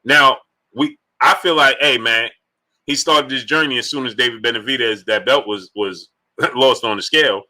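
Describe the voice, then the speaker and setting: Male livestream host, bright sharp tone, chatty and animated. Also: mid-range voice, normal speed. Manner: animated, shouts out viewer names between opinions. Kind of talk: casual live stream chat, reading super chats.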